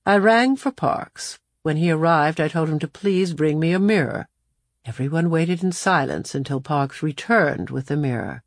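A woman narrating a storybook in the first person, in a measured, unhurried way. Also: low voice, no echo, studio quality. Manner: measured, unhurried storytelling with lively shifts for dialogue. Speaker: audiobook narrator.

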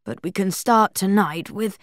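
A woman voicing a calm, scholarly middle-aged male librarian who explains in a measured, steady way. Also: medium pitch, no room sound, clean studio sound, lightly acted. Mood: explaining.

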